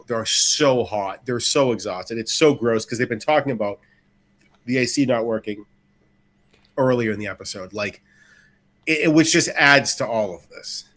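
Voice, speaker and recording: A man's voice: medium pitch, moderate pace, fairly bright tone. A man co-hosting a casual live watch-along chat, conversational with dry, wry jokes. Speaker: co-host.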